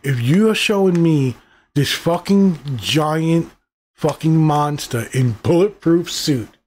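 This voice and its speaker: A man's voice: a little high, slow, darkish tone. A middle-aged man giving a casual, rambling movie review, profane and exasperated as he rants.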